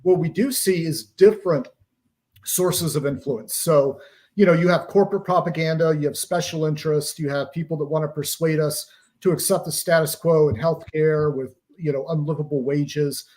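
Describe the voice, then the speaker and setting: A man's voice: a little high, fairly even intonation, moderate pace, a little mellow. A man being interviewed as an author, explaining psychological operations in a lecturing way with pop-culture analogies.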